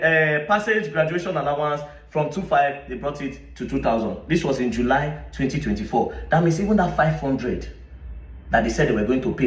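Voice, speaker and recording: A man's voice: a little high, roomy sound, far from the mic. A man with a Nigerian accent reading official statements aloud and rebutting them with indignant, sarcastic questions. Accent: Nigerian English. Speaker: social media commentator.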